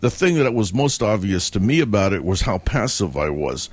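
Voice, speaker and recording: Man, very low voice, casual storytelling, meandering, reflective. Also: very animated, normal speed, no echo.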